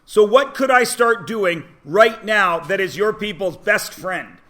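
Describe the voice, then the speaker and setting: A man teaches a math lesson to a classroom of students. His voice sits high and sounds bright and forceful. He teases the students and keeps asking them quick check-in questions. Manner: teasing, chatty, asks rhetorical questions.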